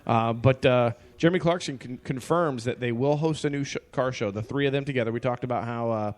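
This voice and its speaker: A man's voice: medium pitch, a little fast. A man co-hosting a casual podcast chat, talking in a rambling, enthusiastic way with many fillers. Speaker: podcast co-host.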